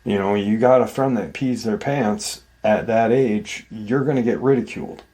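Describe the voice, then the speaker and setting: Speaking at a normal speed in a mellow, lowish voice, the paranormal channel host casually recounts an encounter. His telling rambles conversationally, packed with "like" and "you know."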